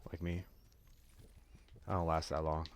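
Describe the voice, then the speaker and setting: A man's voice: very deep voice, level tone, unhurried, a little hiss or hum. A man giving casual gameplay commentary, rambling and joking crudely with a lot of swearing. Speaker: gaming streamer.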